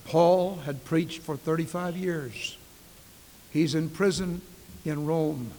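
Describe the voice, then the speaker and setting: Emphatic preacher in a reverberant hall. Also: male voice, on the high side, slow, slight background noise. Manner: emphatic preaching, swinging from hushed to loud. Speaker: pastor. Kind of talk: sermon.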